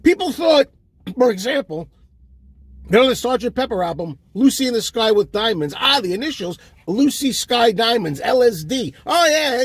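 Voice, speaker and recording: Husky, very high-voiced man on a comic rant, exasperated and insulting, pitch leaping all over. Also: very animated, moderate pace, no echo. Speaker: comic ranting host. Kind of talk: comedic rant.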